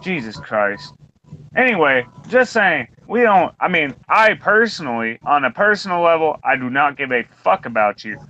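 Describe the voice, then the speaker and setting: A man's voice: a little high, very animated, moderate pace, pushed and bright. A man in his twenties ranting bluntly and profanely in a casual round-table talk. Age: 20s. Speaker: podcast co-host. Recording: dull lo-fi recording.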